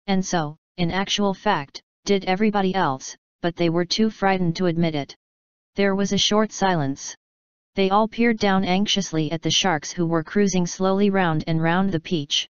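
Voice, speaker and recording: A woman reads a children's story in a clear, measured way. Her lowish voice is crisp and close, recorded dry with a slightly muffled tone. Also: no room sound. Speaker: audiobook narrator. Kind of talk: storybook narration.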